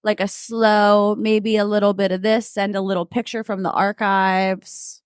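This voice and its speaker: A woman's voice: medium pitch, flat delivery, unhurried, smooth, no room sound, studio quality. A woman co-hosting a podcast in casual chat, talking frankly and with self-assurance. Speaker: podcast co-host.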